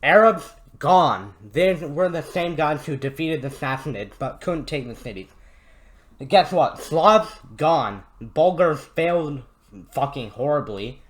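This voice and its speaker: Casual guy doing a history vid, swears a lot, rambly and jokey. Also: mid-range voice. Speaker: history channel host. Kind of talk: casual history video narration.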